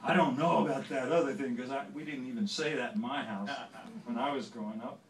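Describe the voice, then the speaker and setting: A man in his sixties, a songwriter on stage, telling an anecdote in a halting, self-deprecating way, full of restarts. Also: mid-range voice, a loud crowd. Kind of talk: onstage anecdotal storytelling. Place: stage before an audience. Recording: roomy, distant live stage mic.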